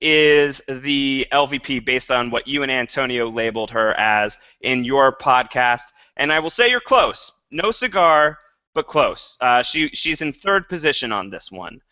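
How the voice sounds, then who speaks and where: A man's voice: mid-range voice, expressive, a little slow, sharp tone, clean tone, no room sound. A man co-hosting a podcast in casual chat, playful and mock-dramatic. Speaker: podcast co-host. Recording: dull lo-fi podcast audio.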